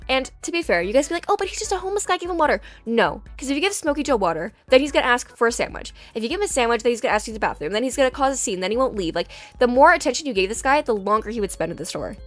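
Brief: fast-talking young woman, casual storytime narrator, chatty. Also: fairly high pitch, no echo. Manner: chatty, animated, filler-heavy.

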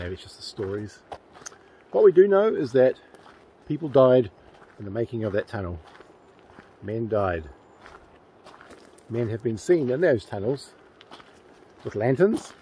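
A man with a New Zealand accent talks straight to camera outdoors, chatty and enthusiastic, wandering off into fillers and restarts. His voice is mellow and relaxed, with a faint hiss of outdoor noise and a vehicle now and then in the background. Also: mid-range voice, poor audio. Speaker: paranormal vlogger. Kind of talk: casual outdoor vlog. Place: outdoors by a railway tunnel in the bush.

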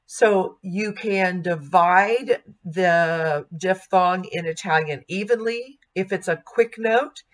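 A woman teaching a music diction lesson, speaking slowly and carefully and modeling sung vowels and words aloud. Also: on the low side.

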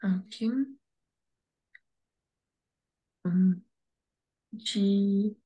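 Hesitant soft-spoken woman student. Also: mid-range voice, steady tone, husky, muffled recording. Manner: hesitant, quiet, many pauses. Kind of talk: reading aloud in a lesson.

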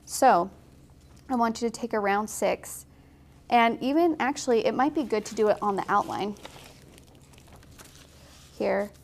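A young woman giving a casual, chatty watercolor painting tutorial, encouraging and quick to laugh. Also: fairly high pitch, creaky, a little hiss or hum. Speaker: watercolor instructor.

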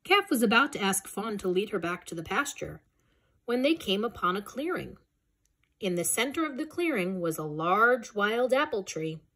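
A woman reads a children's picture book aloud, gentle and expressive. Her voice sits in the mid range and she keeps a moderate pace.

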